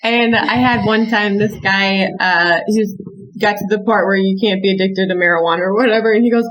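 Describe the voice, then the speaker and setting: A woman's voice: mid-range voice, steady tone, brisk, fairly bright tone, a little hiss or hum, rough recording. A woman guest on a podcast, telling amused, laughing anecdotes in casual chat.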